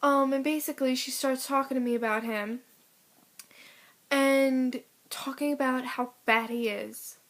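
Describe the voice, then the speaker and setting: Teen girl, vlog rant, indignant and exasperated, slightly high voice. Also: steady tone, unhurried, fairly bright tone. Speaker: vlogger. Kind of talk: casual ranting to camera.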